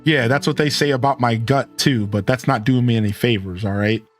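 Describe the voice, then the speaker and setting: This Ohio-accented man in his thirties, from Ohio, USA, streams live and talks casually to his viewers, rambling, self-correcting, and animated. His voice sits at medium pitch and moves fairly quickly, with faint music playing behind him.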